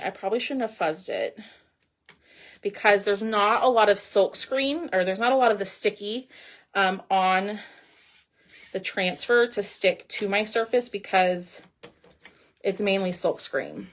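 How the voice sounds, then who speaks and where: A woman's voice: medium pitch, a little slow. A middle-aged woman, hosting a casual craft livestream and chatting with viewers as she works. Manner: chatty, reads viewer comments aloud while crafting.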